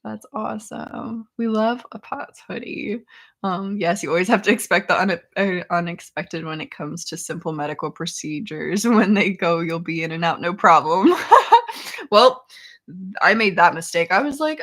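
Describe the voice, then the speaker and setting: A young chronic illness vlogger hosts a casual live chat, reading out viewers' comments, laughing often and letting her sentences trail off into ums. Her voice sits fairly low and is a bit bright, with a moderate pace.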